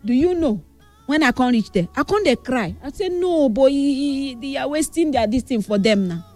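A young Nigerian woman chatting casually in Pidgin and English, telling animated stories with exclamations. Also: high voice, moderate pace, faint music behind. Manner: animated storytelling, code-switching, exclaiming.

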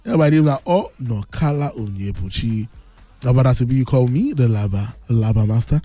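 A man's voice: medium pitch, moderate pace. A man from Nigeria with a Nigerian Pidgin English accent, talking as a radio host in boastful, teasing banter. He is a bit under the weather, and his voice sounds thick. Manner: brash, teasing, loud boasting.

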